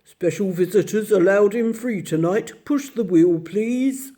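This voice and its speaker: A huge bear gatekeeper from a storybook, gruff and courteous, mildly scolding, played by a woman reading aloud, pitched a little higher than her narration. The tone stays mellow and soft-edged. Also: measured pace, natural voice.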